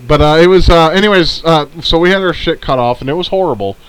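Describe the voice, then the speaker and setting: A man's voice: a little high, fast, smooth, poor audio. A man from Ohio co-hosting a podcast, telling stories in casual, profane chat. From Ohio, United States. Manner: profane storytelling, laid-back. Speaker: podcast co-host.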